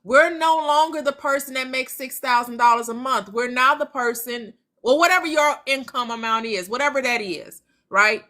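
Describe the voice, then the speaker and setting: Bright-voiced chatty woman host. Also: high voice, moderate pace, few pauses. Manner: chatty, acts out imagined conversations with friends. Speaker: manifestation channel host. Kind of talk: casual motivational talk.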